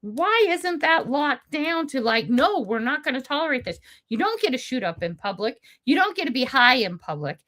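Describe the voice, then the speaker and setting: Older woman, livestream host, forceful bright voice, chatty, laughs a lot, blunt. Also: high voice, sing-song, normal speed, few pauses. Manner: chatty, laughs often while telling stories; blunt and indignant. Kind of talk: casual livestream chat.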